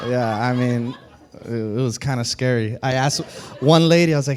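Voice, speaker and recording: A man's voice: mid-range voice, moderate pace, pauses often, some chatter behind. A man preaching a Sunday sermon, telling jokey stories with acted-out voices before reading scripture. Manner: animated storytelling, acting out voices. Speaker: pastor.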